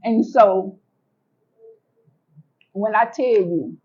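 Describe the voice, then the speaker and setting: A woman telling her own story as an interview guest, animated and emphatic, repeating words for effect and acting out what she said back then. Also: medium pitch, very slow, husky, highs cut off. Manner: colloquial, acts out her own past words. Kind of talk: emotional personal storytelling.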